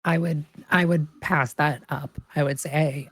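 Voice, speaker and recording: Female tabletop player, low-pitched, relaxed, dry close sound. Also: measured pace, breathy edge, dry recording. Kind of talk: casual tabletop play.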